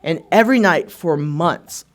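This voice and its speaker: A man's voice: on the high side, measured pace. A young adult man giving a personal testimony at a recovery meeting, speaking casually with many fillers and self-deprecating humor, and acting out remembered conversations. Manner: acts out remembered conversations with shifts in tone. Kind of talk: personal testimony told to a live audience.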